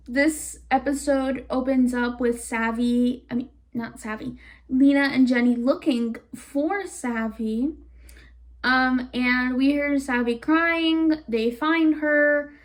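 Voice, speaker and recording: A woman recapping a cartoon series in a casual, animated way, with sarcastic asides and rambling tangents. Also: sits high. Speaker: YouTube reviewer.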